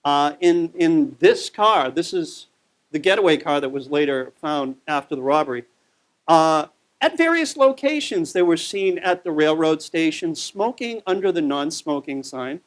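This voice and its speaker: Man, history talk with slides, storytelling, slightly high voice, lots of uhs. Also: lively intonation, unhurried. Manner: conversational storytelling with frequent fillers. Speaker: local history presenter.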